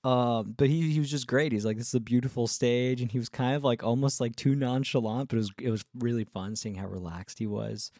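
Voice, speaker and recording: Rambling, excitable man telling a story. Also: medium pitch, a little fast, hardly any pauses, dry recording, clean studio sound. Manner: rambling and excitable, with many fillers and restarts. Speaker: musician vlogger. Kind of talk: casual storytelling vlog.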